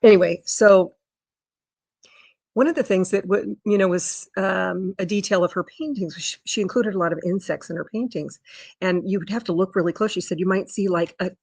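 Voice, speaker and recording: A woman vlogger chatting casually, rambling with restarts and breaking into high sing-song talk to her dog. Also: a little fast, gravelly, a little mellow, husky, dry recording. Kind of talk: casual chat.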